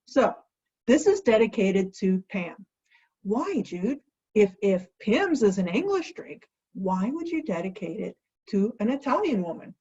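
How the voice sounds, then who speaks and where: An American woman hosts a home cocktail vlog, chatty and playful, asking herself questions and answering them. Her mid-range, mellow, husky voice has a sing-song lilt at a measured pace, on lo-fi sound.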